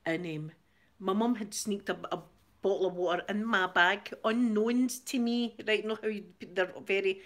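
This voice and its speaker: Speaking at a moderate pace in a mid-range voice, the Scottish woman running her channel tells a meandering, casual story, laughing a lot and repeating herself along the way.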